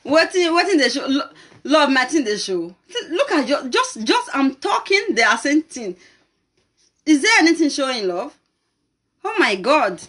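A woman with a Nigerian Pidgin English accent hosting a talk show, telling a personal story to camera in an animated, laughing way. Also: sits high, moderate pace.

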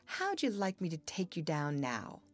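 A woman's voice: lowish voice, huge pitch swings, a little slow, faint music behind, exaggerated voice. A woman voicing a troubled, yearning young farmer, speaking in an earnest, pleading way in an audiobook.

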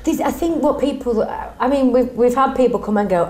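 A woman, an actress, answering questions on a chat show in a warm, rambling way with many restarts. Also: on the high side, fairly even intonation, moderate pace, few pauses. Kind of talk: casual interview chat.

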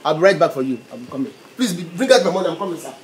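Fast insistent Nigerian waiter man. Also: fairly high pitch, expressive. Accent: Nigerian English. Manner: insistent, polite with a mocking edge. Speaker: waiter in a comedy skit. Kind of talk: comedy skit acting.

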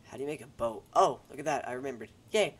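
A man's voice: medium pitch, lively intonation, quick pace. A young man giving casual, self-deprecating commentary while playing a game, rambling and joking to his viewers through a headset mic. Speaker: gaming YouTuber. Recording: noisy home recording with keyboard clicks.

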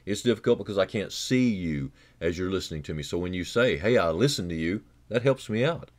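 A man's voice: expressive, fairly quick. A man preaching a radio sermon as a pastor, earnest and conversational, with frequent restarts and repeated words. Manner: earnest, repeats words and restarts, rises in pitch for emphasis then drops low and quiet.

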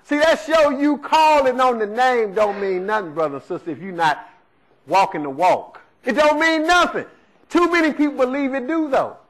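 Teaching in a conversational style, this male preacher keeps tossing in "right?" throughout his sermon. His voice is very high-pitched at a moderate pace, and the recording is low quality.

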